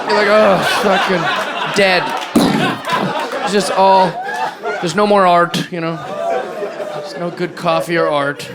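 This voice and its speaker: High-voiced profane stand-up comedian man. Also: slow, pauses often, very noisy. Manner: profane, mocking, drops low and quiet for asides. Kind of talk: stand-up set. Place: comedy club stage. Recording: live club crowd laughing. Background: audience laughter.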